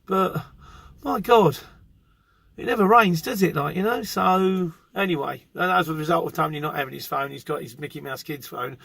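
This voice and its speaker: A man's voice: on the high side, moderate pace, creaky, a bit bright, no room sound. A middle-aged English man with an English accent, a courier driver telling a rambling story in a casual vlog.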